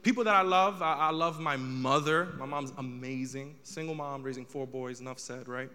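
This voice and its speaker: A man's voice: mid-range voice, moderate pace, bright, forceful tone, big-room sound. A young man doing a stand-up comedy set, telling a story with rising exasperation.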